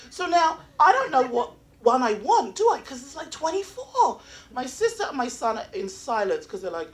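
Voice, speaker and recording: A woman from England with an English accent, doing open mic stand-up comedy with animated storytelling and acted-out voices. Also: high-pitched, moderate pace. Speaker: stand-up comic. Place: small comedy venue.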